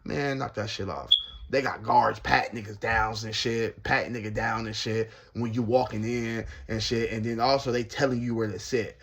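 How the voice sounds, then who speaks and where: A man telling a casual story about his time in prison, slangy and animated, laughing often. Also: lowish voice, moderate pace, husky.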